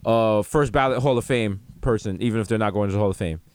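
A man, co-hosting a casual comedic chat and acting out stories with lively put-on voices. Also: on the low side, quick pace, no echo. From New York. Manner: animated storytelling, acts out other voices. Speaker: podcast co-host.

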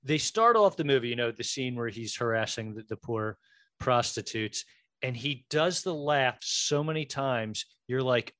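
A man hosts a casual movie chat, joking and animated as he steers the talk. His voice sits at a middle pitch and sounds dry and close, with no room around it. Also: no echo. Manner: animated, quick jokes, runs the quiz segment. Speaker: podcast host.

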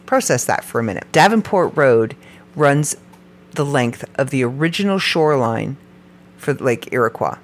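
Animated podcast host, playful asides. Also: moderate pace. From Canada. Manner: reads facts, then breaks off into playful, joking asides; animated, with sudden jumps up and down in pitch. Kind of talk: podcast narration read from notes.

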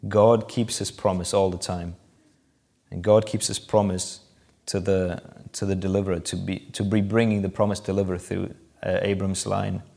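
A man with a fairly low voice preaches a sermon, walking listeners through a scripture passage. He explains in a conversational way and lifts his voice to act out the quoted lines. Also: level tone, normal speed, gravelly, dark tone. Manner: explanatory, acts out quoted lines with rising emphasis.

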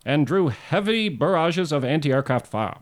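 A man's voice: on the high side, big pitch swings, unhurried, pitched above the performer's own voice. A man putting on an old-timey newsreel announcer voice to read a 1940s newspaper report aloud. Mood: dramatic.

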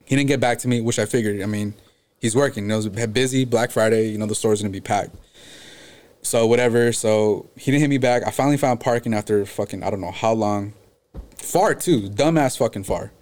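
A young man guesting on a podcast tells a story in casual chat, his voice fairly low, quick and somewhat dark. His talk is slangy, packed with swearing and "like" fillers.

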